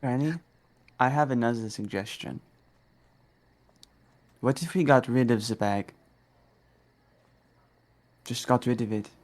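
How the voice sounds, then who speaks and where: Man player, dry sarcastic banter, mid-pitched. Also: unhurried, long pauses, darkish tone. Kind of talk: tabletop game banter.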